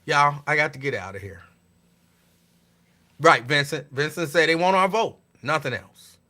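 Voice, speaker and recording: A man's voice: a little high, big pitch swings, moderate pace, pushed and bright. A man hosting a show, talking in casual commentary with a sarcastic, repetitive, preachy delivery. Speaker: host.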